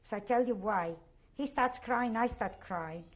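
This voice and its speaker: Older woman with a Polish accent. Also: fairly high pitch. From Poland. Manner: halting, emotional, repeats herself. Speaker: interviewee. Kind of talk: oral history interview.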